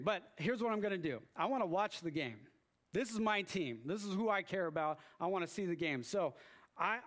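Male preacher, high voice, sermon delivery, acts out story scenes with loud exclamations. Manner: storytelling with animated acted-out exclamations.

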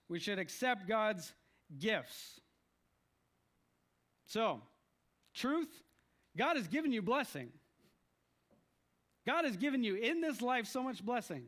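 A man from the United States preaching a lively sermon, with emphatic lists and short quoted voices. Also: high-pitched.

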